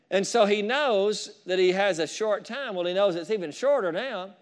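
A man preaching a fervent sermon, with asides to the congregation and rising shouts of praise. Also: sits high. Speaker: pastor.

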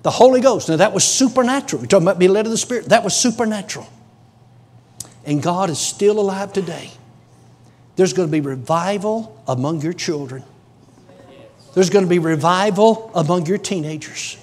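A man's voice: sits high, normal speed, darkish tone. A middle-aged man, preaching in a folksy, emphatic storytelling way.

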